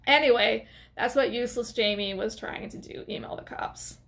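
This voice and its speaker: A woman's voice: on the high side, normal speed, vocal fry, a bit bright. A young adult woman recapping a movie in a casual, chatty way with sarcastic asides, recorded at home on a desk camera. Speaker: movie reviewer. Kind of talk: casual video review.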